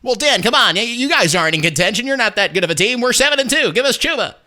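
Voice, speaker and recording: A man putting on a pushy, cocky rival team executive, loud and needling. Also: very high-pitched, lively intonation, quick pace, full character voice.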